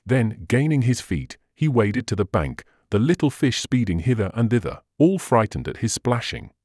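A man narrating a classic adventure tale as an audiobook reader, expressive and steady. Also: mid-range voice, normal speed, no echo, studio quality. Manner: expressive storytelling. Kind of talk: scripted narration.

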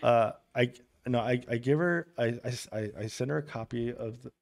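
A man with a creaky mid-range voice, speaking at a moderate pace, appears as an author guest on a podcast. He tells stories casually and with animation, stammering and restarting, and acts out the voices of the people he quotes.

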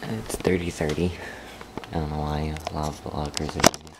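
A man chatting to his camera for a daily vlog, rambling and complaining, with bursts of excitement. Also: very deep voice, moderate pace, creaky, background noise. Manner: rambling, talks to camera, drifts between mumbling and excited outbursts. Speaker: vlogger. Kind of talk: casual vlog chat. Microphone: handheld camera.

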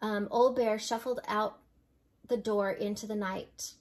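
An older woman, a grandmother, reading a children's picture book aloud in a gentle, unhurried way with small slips and chuckles. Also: mid-range voice, fairly even intonation. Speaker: storyteller.

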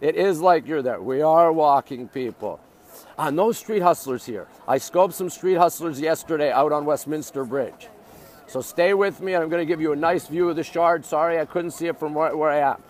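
A man's voice: on the high side, normal speed, slight background noise. A man from the United States livestreaming a walking tour outdoors on a phone, chatting with viewers and urging them to stay with him. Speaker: livestream vlogger. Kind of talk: live walking tour stream. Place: outdoors on a city riverside street. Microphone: phone held while walking.

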